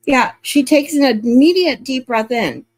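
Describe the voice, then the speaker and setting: A woman with a high, bright-pitched voice gives casual true-crime commentary. She is blunt, swears freely and breaks in over paused clips. The sound is dry and close. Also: no room sound.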